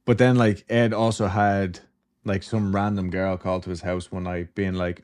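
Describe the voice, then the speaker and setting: A man's voice: deep voice, little pitch movement, moderate pace, darkish tone. A man hosting a podcast, telling a story in a loose, chatty way, with swearing and asides. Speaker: podcast host. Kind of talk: casual storytelling chat.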